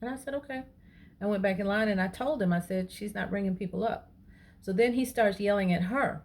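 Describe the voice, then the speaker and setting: A woman, chatting to her viewers and retelling an everyday encounter with lively quoted dialogue. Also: medium pitch, moderate pace, creaky. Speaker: vlogger. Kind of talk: casual storytelling to camera.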